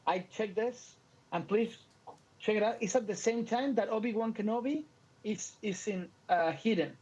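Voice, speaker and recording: A man's voice: high-pitched, normal speed, slightly rough, lo-fi sound. A Latino man whose first language is Spanish, co-hosting a podcast in casual, joking chat with a Latin American Spanish accent. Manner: animated, playful, joking. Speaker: podcast co-host.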